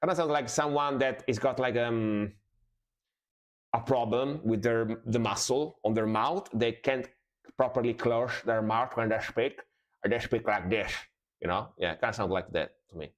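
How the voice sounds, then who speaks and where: A man's voice: medium pitch, moderate pace. Rambling man reacting to music. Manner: rambling, repeats himself, many fillers. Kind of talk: casual live-stream music reaction.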